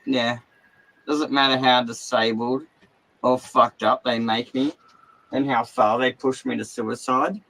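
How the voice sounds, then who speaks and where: A man's voice: mid-range voice, level tone, unhurried, a bit bright, low-quality recording. Agitated swearing Australian man. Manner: agitated, heavy swearing, rambling. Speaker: livestream host. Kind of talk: casual livestream rant. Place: caravan.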